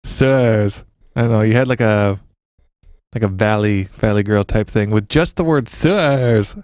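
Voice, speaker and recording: A man co-hosting a podcast, joking around in casual chat and reading lyrics out slowly. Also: lowish voice, a little mellow, clean tone, dry recording, studio quality. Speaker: podcast co-host.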